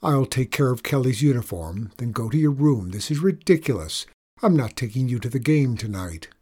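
A man's voice: medium pitch, lively intonation, moderate pace, mellow, husky. A man voicing a stressed, short-tempered mother in a spoken story. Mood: stern. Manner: curt and exasperated. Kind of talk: audiobook character voice.

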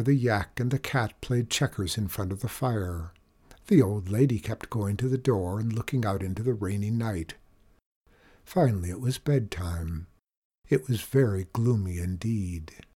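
A man reads a children's storybook aloud with a low, steady voice. His delivery is expressive and measured, leaning into each scene. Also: slightly rough.

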